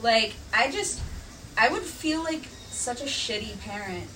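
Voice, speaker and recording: A young woman, a podcast guest, telling stories in a casual, animated way with many "um"s and "like"s. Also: a little high, measured pace. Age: young adult. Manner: animated storytelling, filler "um" and "like". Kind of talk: casual chat. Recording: distant mic, faint background noise.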